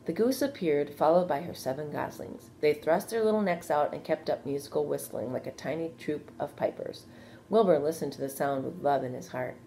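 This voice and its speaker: A woman teacher reading a children's storybook aloud, steady and expressive. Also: sits low, brisk, slight background noise.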